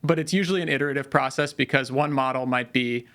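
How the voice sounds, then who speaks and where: A man with a gravelly, bright voice talks through technical ideas in a relaxed interview. He explains carefully, working through examples and pausing on fillers as he goes. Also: medium pitch. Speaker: head of product, podcast guest. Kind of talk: conversational tech interview.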